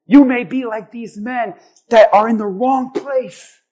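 A man preaching a sermon as pastor, swinging between shouted lines and soft, hushed assurances. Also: extremely high pitch, a little slow.

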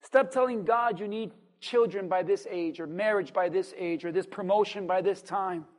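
A pastor preaching a sermon with dynamic swings between loud emphasis and quiet asides, full of rhetorical questions and call-and-response. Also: mid-range voice, moderate pace.

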